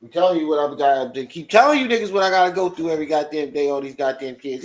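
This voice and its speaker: A young adult man hosting a casual livestream, loud and profane as he scolds his kids. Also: fairly high pitch, expressive, fast, few pauses, roomy sound. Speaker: online show host.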